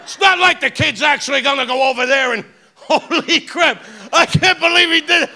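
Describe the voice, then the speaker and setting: A man doing a loud brash Boston uncle. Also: very high-pitched, big pitch swings, takes it slowly, voice pushed up, full character voice. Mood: shouting. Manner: shouting, gruff, bossy. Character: loud brash old Boston uncle, tough-guy joker.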